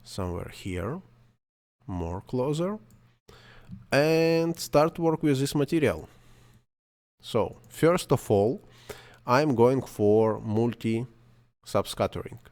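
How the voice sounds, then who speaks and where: A man whose first language is not English, talking through a screen-recorded 3D software tutorial in halting English, thinking aloud and correcting himself as he goes. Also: mid-range voice, expressive.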